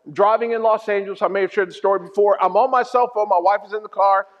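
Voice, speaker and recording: Brief: pastor, man, very high voice, humorous story-led sermon, muffled lo-fi sound. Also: fairly even intonation, fast. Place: church hall. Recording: dull sound in a reverberant hall.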